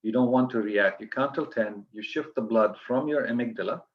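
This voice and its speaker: A man's voice: mid-range voice, a little fast, dull audio. A man giving an earnest coaching lecture to physicians, listing steps with frequent restarts.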